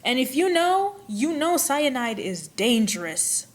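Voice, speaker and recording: A woman's voice: sits high, very animated, unhurried, few pauses, a little hiss or hum. A young woman hosting a casual history vlog, retelling events with dramatic flair and playful asides. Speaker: history vlogger.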